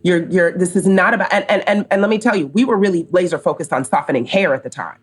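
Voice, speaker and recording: A middle-aged woman from the United States, speaking low as a podcast guest. She tells her story casually and brings each quoted person to life. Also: fast, breathy edge. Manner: animated storyteller, acts out quoted dialogue. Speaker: company co-founder, podcast guest.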